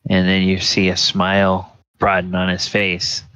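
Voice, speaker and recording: A man narrating a tabletop game as dungeon master, describing the scene in a halting way full of fillers. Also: deep voice, completely flat delivery, sharp tone, clean tone, no room sound, dull audio.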